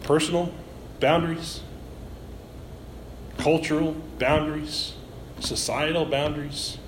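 Preacher telling a story in an echoing church. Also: male voice, a little high, steady tone, takes it slowly. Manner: vivid, building, reflective questions. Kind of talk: sermon storytelling. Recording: roomy echo, faint noise.

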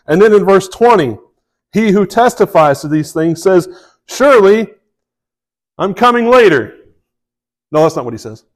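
Conversational male preacher, slightly high voice. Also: big pitch swings, fairly quick, a little mellow, rough recording. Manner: conversational, checks in with listeners; reads scripture aloud with rising emphasis. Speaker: pastor. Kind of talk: sermon.

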